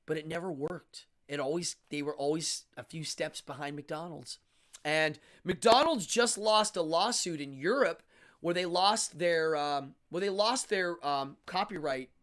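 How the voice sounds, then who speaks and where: Chatty man hosting a live stream. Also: on the high side. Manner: chatty and animated, reading chat aloud. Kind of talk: casual live stream chat. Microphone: studio microphone.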